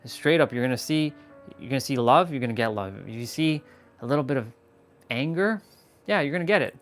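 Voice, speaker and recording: A man's voice: medium pitch, animated, a little fast, a bit bright, faint music behind. A man hosting a casual motivational live stream while walking, blunt and emphatic, swearing freely. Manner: talks while walking on a step count.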